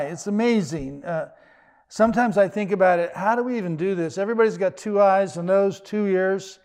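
A man's voice: high-pitched, darkish tone. An older man preaching a sermon as pastor, in a conversational style with joking asides.

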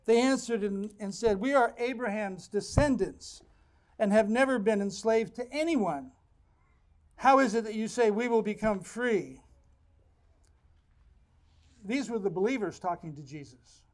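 A man preaching a sermon as pastor, reading scripture and explaining it with animated asides to his congregation. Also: high voice, measured pace, long pauses.

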